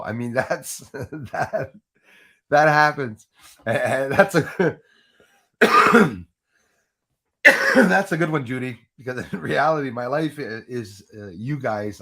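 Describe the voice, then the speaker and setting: A man's voice: mid-range voice, bright, forceful tone. Rambling man hosting a live stream. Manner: rambling, restarts often, laughs at own jokes. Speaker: livestream host. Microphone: Yeti USB microphone.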